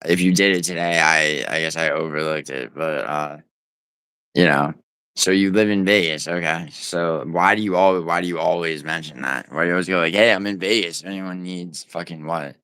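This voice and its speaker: A man with a very low, smooth voice talks loosely to his livestream chat, teasing viewers and swearing as he rambles. He is at home and sounds dry and close, with no room around him. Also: moderate pace, pushed and bright, no echo. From United States. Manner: rambling, teasing, profane banter.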